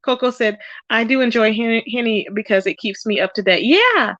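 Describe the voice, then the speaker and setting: A woman's voice: normal speed, no echo, highs cut off. Woman gossiping on her stream, reads chat, dry close mic. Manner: animated, quotes people with rising pitch. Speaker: livestream host. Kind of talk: casual livestream chat.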